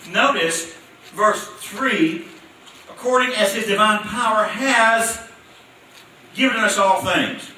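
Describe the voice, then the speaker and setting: A man delivers a sermon in a church, his high, piercing voice bouncing around a very echoey room. He stands back from the mic and presses his points with pointed questions and call-and-response, over a faint hum of noise. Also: takes it slowly, long pauses, pushed and bright, far from the mic. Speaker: preacher.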